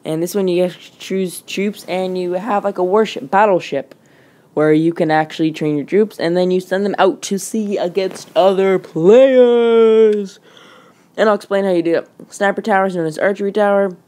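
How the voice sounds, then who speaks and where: A woman narrates her mobile gameplay in a casual, rambling way, filling gaps with "like" and "um". Her voice sits fairly low for a woman. She hurries along as she flips between screens. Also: steady tone, a little mellow. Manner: rambling, casual, quick with fillers. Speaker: gaming channel host. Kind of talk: gameplay commentary.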